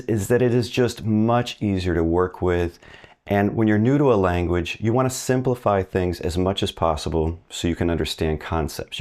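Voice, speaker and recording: A man teaching a recorded language lesson, talking conversationally, quizzing the learner and saying example phrases slowly. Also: sits low, a little mellow. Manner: asks the learner questions and pauses for answers. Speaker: Spanish teacher.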